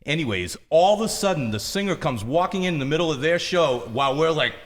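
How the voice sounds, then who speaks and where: A middle-aged man telling a wild road story on a podcast, animated, laughing and swearing often. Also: a little high, a little fast. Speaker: podcast guest musician. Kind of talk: casual storytelling.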